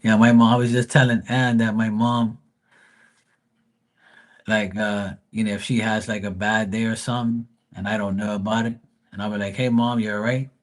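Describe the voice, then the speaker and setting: A man's voice: on the low side, little pitch movement, moderate pace. A man giving tarot readings on a casual live stream, joking, rambling and swearing freely.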